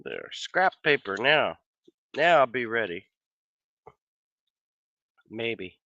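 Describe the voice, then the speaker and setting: A man hosting a casual livestream chat from a home office, a bit hoarse from losing his voice, talking in an easygoing, rambling way with many trailing restarts. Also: medium pitch, very animated, slow pace, sharp tone, no echo. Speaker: livestream host. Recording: slightly dull lo-fi sound.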